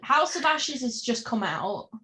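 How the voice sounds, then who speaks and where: A woman's voice: fairly high pitch, big pitch swings, measured pace, bright, forceful tone. A woman co-hosting a podcast in casual chat, rambling through tangents with lots of fillers. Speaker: podcast co-host.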